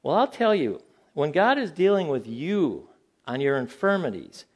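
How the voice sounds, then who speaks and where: An older man giving an informal sermon to a Bible class, telling stories animatedly, rising in pitch when incredulous and dropping low and quiet for asides. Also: big pitch swings, moderate pace, breathy edge.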